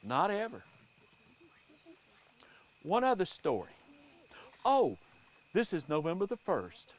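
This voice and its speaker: Unhurried folksy male storyteller. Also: a little high. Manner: unhurried, animated, folksy delivery. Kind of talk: folk storytelling to a live audience.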